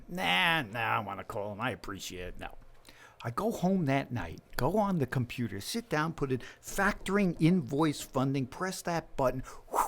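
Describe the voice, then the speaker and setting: A man's voice: medium pitch, moderate pace, vocal fry. A middle-aged man, a business lender, talking casually in an interview and acting out the dialogue in his stories. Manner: animated storyteller acting out dialogue.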